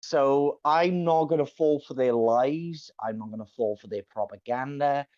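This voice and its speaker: A man's voice: mid-range voice, normal speed, a little mellow. A man co-hosting a livestream, trading playful, mock-serious banter. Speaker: co-host. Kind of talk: casual chat on a livestream. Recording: slightly dull, lo-fi mic.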